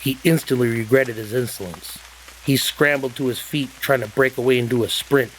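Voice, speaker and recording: A man reading a horror story aloud in a measured, ominous way. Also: medium pitch, slight background noise, low-quality recording. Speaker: narrator. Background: backing music.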